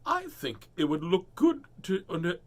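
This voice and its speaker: A man's voice: sits high, huge pitch swings, measured pace. A man reading a children's picture book aloud, breaking off for playful jokes and asides. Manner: playful, joking asides, voices characters. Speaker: storybook reader.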